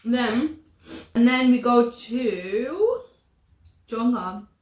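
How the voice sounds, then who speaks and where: A woman chatting casually about a drama, animated and laughing as she acts out quotes. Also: a little high, moderate pace. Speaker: co-host. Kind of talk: casual chat reviewing a drama. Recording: echoey room, a bit far from the mic.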